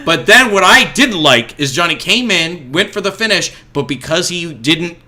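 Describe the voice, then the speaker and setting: A man's voice: fairly high pitch, animated, moderate pace, pushed and bright. A man co-hosting a podcast, casually recapping wrestling matches with enthusiasm and easy laughter. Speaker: podcast co-host. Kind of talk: casual wrestling review chat.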